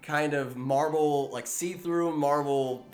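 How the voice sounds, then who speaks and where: A man's voice: fairly high pitch, fairly even intonation, slow, soft background music. A man giving a rambling comic movie recap, full of jokey asides and self-interruptions.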